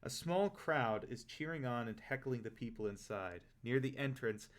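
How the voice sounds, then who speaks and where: A man's voice: mid-range voice, moderate pace. Laid-back young man game master. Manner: relaxed, laughs often. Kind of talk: narrating a tabletop game.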